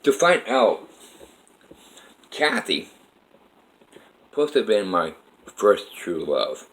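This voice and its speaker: A man with a lowish voice talks straight to camera about his life. He rambles and circles back, earnest and plainspoken, with swearing dropped in casually. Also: very animated, slow, slight background noise, poor audio. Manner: earnest, meandering, frequent profanity. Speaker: vlogger telling his life story. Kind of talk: rambling personal monologue.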